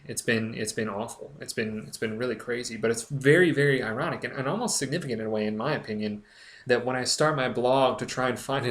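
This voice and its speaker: Earnest young man with halting restarts. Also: mid-range voice, fairly bright tone. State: recovering, emotional. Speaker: blogger. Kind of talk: personal vlog monologue. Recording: echoey room.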